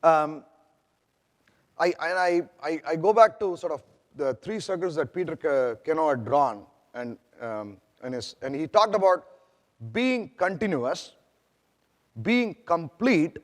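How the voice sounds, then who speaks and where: A man with an Indian accent giving a conference presentation, talking conversationally with many restarts and questions to the audience. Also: fairly high pitch. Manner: conversational, frequent restarts and "right?" checks to the audience. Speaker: product manager presenting at a conference. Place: large conference hall. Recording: long echo of a conference hall.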